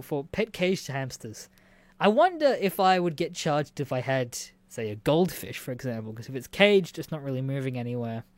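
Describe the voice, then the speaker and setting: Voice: medium pitch, dry recording. Foul-mouthed reaction commentator. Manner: swears freely, laughs often, incredulous asides. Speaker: streamer reacting to news stories.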